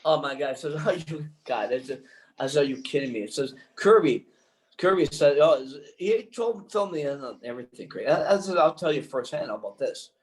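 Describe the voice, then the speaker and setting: An older man, a filmmaker guest in an interview, telling a long anecdote in an excitable, rambling way full of restarts. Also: on the high side, moderate pace, low-quality recording.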